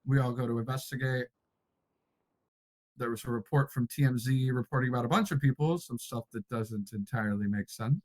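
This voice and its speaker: Casting: mid-pitched man, dry close sound, relaxed lore recap for fellow players. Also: dry recording, rough recording. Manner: easygoing, measured recounting. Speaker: player recounting the story lore. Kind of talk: storytelling recap in a voice chat.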